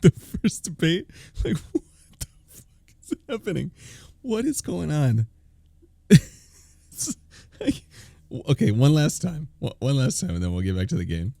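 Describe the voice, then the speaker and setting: A man's voice: mid-range voice, gravelly, mellow, no room sound, studio quality. A man live-streaming a reaction, incredulous, laughing often and swearing.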